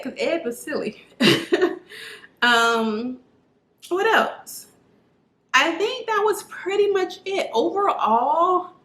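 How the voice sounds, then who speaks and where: A woman's voice: a little high, a bit bright. A woman chatting casually on camera as she reviews a film, earnest and full of fillers, recorded on her camera at home. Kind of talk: casual movie review chat. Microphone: camera mic. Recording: roomy echoey room sound.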